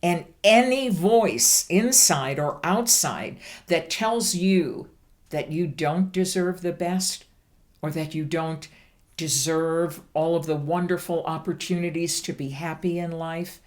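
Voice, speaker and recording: Female minister, low-pitched and unhurried, earnest sermon delivery. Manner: slow, deliberate, earnest delivery. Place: church livestream.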